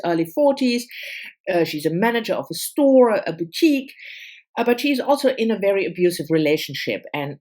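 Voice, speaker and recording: A woman's voice: on the low side, a little mellow. A middle-aged woman, not a native English speaker, chatting casually about books she read, with frequent fillers and restarts. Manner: thoughtful, with many fillers and restarts. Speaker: book vlogger.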